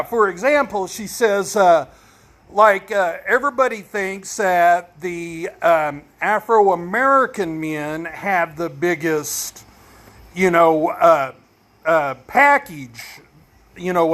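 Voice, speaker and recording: A middle-aged man spins a long joke like a personal anecdote, rambling and folksy with plenty of "uh" and "you know." His voice sits high for a man and rings bright and forward. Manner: rambling, folksy, lots of fillers. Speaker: storyteller. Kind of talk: casual joke telling.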